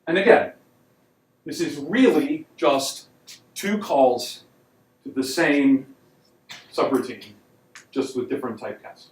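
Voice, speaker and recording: This lecturer's medium-pitched voice has lively intonation, and he moves slowly with frequent pauses. Teaching a university class in a casual, wry style, he leans on words and says um a lot, captured from a distance in an echoey hall.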